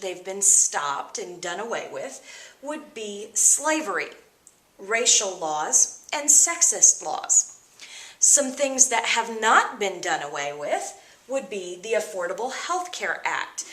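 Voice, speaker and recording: A woman teacher explaining vocabulary words to her students in an upbeat, expressive way. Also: medium pitch, slow pace, roomy sound. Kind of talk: vocabulary lesson.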